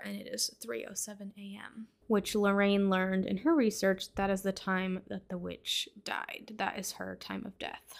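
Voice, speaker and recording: Chatty woman recapping a horror film. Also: medium pitch. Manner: chatty, with frequent fillers. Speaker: podcast host. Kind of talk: casual movie recap.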